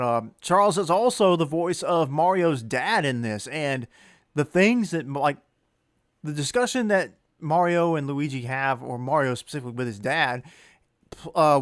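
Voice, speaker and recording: A man's voice: fairly high pitch, no room sound, clean studio sound. A man giving a casual spoken movie review, rambling with many fillers and self-corrections and chuckling now and then. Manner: chuckles as he talks.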